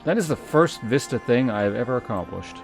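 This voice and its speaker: A man talks through his game stream in a loose, wandering way, thinking out loud and cursing offhand. His voice sits in a middle pitch with faint music underneath. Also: animated, a little fast, creaky. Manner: chatty, muses aloud, swears casually. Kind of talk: casual gaming commentary.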